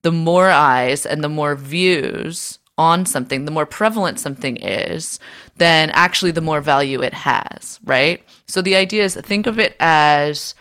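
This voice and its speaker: A woman with a low-pitched voice co-hosts a casual political podcast. She explains at length, restarting sentences, leaning on fillers, and swearing now and then. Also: measured pace, a bit bright. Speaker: podcast co-host.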